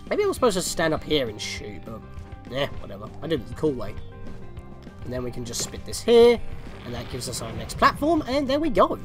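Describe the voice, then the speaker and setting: Rambling, excitable gaming commentator man. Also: mid-range voice, fairly quick, soft background music. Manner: rambling, laughing, easily exasperated. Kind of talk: casual game walkthrough commentary.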